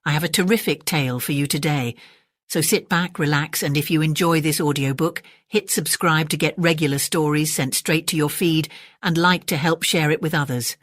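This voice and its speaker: A woman's voice: sits low, moderate pace, no echo, studio quality. A woman narrating a bedtime story in a rhythmic, chant-like reading of repeating refrains.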